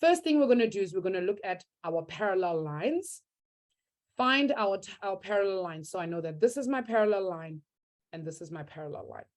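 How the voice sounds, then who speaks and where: A woman's voice: mid-range voice, expressive, brisk. A young woman teaching a live online maths class, upbeat and encouraging as she reads out students' answers from the chat.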